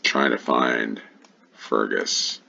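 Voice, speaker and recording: A man's voice: extremely low pitch, very slow, gravelly, pushed and bright, muffled recording. An American man giving casual play-along commentary on a game, musing aloud and thinking to himself. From United States. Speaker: gaming YouTuber.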